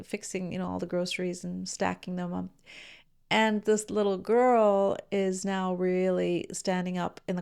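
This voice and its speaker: A woman therapist tells a story in a relaxed, conversational way, often pausing on "you know." Her mid-pitched voice has a gravelly fry. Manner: conversational, with many fillers. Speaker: therapist and coach. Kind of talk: casual storytelling.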